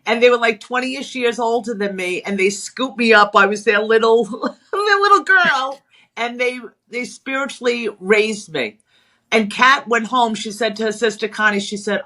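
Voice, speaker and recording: A middle-aged woman from Long Island, chatting as an interview guest. She talks in a brash, animated way and puts on voices for the people in her stories. Her voice is bright and sharp. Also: fairly high pitch. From Long Island, New York. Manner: brash, animated storyteller, acts out quotes. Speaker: guest, spiritualist author. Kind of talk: casual interview chat.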